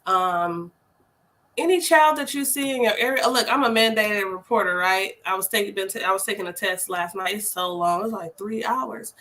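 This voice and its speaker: A young adult woman hosting a casual live chat, telling stories in an animated, slangy way with lots of fillers. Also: mid-range voice, moderate pace, low-quality recording. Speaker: host, family home child care provider.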